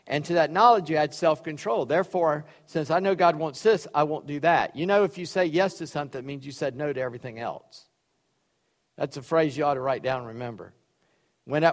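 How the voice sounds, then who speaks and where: A man preaching a sermon, reading scripture and explaining it with folksy, joking asides. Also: a little high. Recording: long reverb of a large hall.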